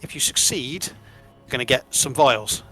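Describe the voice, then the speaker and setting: A man narrating as game master of a tabletop game, describing scenes in a relaxed way with frequent restarts. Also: mid-range voice, unhurried, faint music behind.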